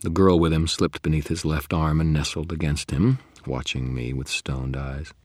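A man reads a first-person novel aloud with wry, deadpan delivery. His voice sits extremely low and husky, and the recording is dry with no room sound. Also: moderate pace, dry recording. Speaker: audiobook narrator.

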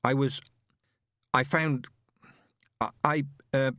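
A man's voice: mid-range voice, very animated, moderate pace, no echo, studio quality, pitched above the performer's own voice. A man doing a nervous stammering young man. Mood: unsure. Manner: hesitant, stammering. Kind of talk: audiobook character reading.

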